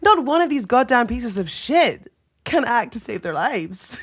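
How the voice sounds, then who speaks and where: A woman's voice: fairly high pitch, big pitch swings, a little slow, slightly rough, exaggerated voice. A woman reading the part of a foul-mouthed schoolteacher in her fifties, brusque and crude, in a comedy script read-through. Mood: gruff.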